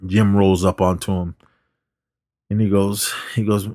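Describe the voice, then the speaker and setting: On a podcast, a deep-voiced man rambles through a movie scene, dropping filler words and performing quoted lines as a casual film recap. He speaks flatly and at a measured pace, with long pauses and a warm tone. The recording is dry and studio-clean.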